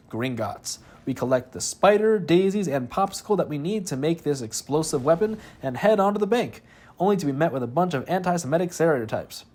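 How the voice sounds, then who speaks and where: Young male gaming host, slightly high voice, scripted comic narration with wry throwaway asides. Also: a little mellow. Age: young adult. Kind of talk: scripted comedic narration over gameplay.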